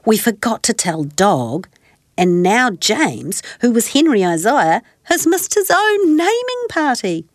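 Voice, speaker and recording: Kindly male rag doll toy as a woman reads him, gentle storybook voice, lively, dry sound. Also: fairly high pitch, slow, dry recording, pitched above the performer's own voice.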